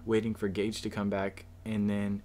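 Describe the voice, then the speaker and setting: A man's voice: on the low side, completely flat delivery, normal speed, darkish tone. A young man in a casual podcast chat, rambling through a story and getting defensive when questioned.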